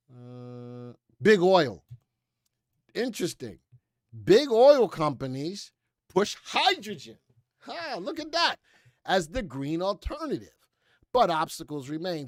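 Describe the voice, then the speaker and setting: American man, higher pitch, dry studio sound, casual live stock commentator. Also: no echo. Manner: chatty, reads headlines aloud and skims with "blah, blah". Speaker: stock market show host.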